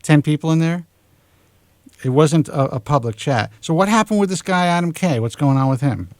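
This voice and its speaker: A man's voice: fairly high pitch, lively intonation, normal speed, darkish tone, no echo. A male radio host taking calls in casual, blunt banter, often restarting his sentences. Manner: blunt, swears, restarts a lot.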